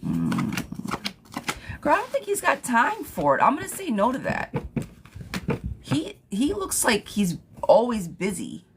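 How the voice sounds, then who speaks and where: A woman's voice: on the high side, wildly swooping pitch, measured pace, pauses often, a little hiss or hum. A woman giving yes-or-no tarot readings on a livestream, chatting casually as she reads viewer questions aloud and thanks commenters. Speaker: tarot reader.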